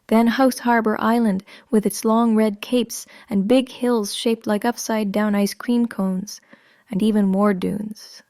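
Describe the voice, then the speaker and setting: A woman narrates a first-person story in a hushed, unhurried way, and it often sinks to a whisper. Her voice is gravelly and close, with a dry sound and no room echo. The telling is very slow. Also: mid-range voice, steady tone.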